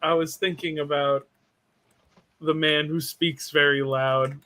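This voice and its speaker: Rambling male co-host, high and bright. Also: takes it slowly, no room sound. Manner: rambling, animated explaining. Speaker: podcast co-host. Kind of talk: casual chat.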